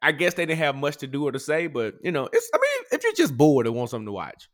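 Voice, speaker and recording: A man chats on a podcast in a casual, animated way. His voice sits a touch high and swings widely in pitch as he tells stories and laughs often. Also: fast. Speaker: podcast co-host. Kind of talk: casual chat.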